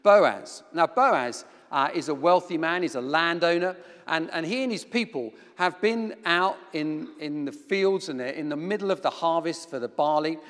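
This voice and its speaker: A middle-aged man preaches a sermon in a church hall. He weaves personal anecdotes in with wry self-deprecating humor. His slightly higher-than-average voice rings out with a long reverb tail. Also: normal speed, few pauses, fairly bright tone.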